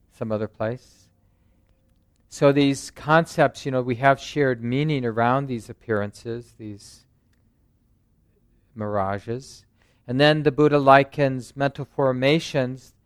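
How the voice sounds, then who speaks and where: Smooth-voiced man giving a dharma talk. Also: mid-range voice, dry recording, clean studio sound. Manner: conversational, frequent "right?" and "you know". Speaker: meditation teacher. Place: meditation center.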